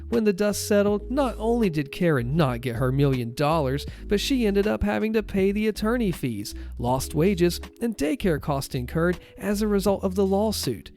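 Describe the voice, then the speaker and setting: Gravelly animated male storyteller. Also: sits high, normal speed, few pauses, faint music behind. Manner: animated, wry, exasperated asides. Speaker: podcast host reading stories. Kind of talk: storytelling narration with casual commentary.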